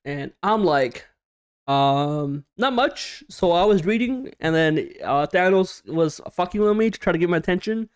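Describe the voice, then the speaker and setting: A young man hosting a casual storytime vlog, slangy and animated, swearing often and acting out what people said. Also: fairly high pitch, normal speed, clean tone. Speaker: storytime YouTuber.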